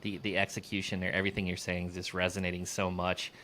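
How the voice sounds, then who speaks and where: A man's voice: sits low, monotone, fast talker, bright, forceful tone, slight background noise. A man hosting a podcast interview who speaks in an encouraging, affirming way. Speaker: podcast host. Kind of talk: casual interview talk.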